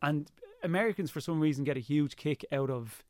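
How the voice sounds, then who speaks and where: A young Irish man chatting as an interview guest, telling lively stories and slipping into impressions. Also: on the high side, brisk, no echo, studio quality. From Ireland. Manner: lively storyteller, slips into impressions. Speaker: guest, YouTuber. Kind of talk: casual interview chat.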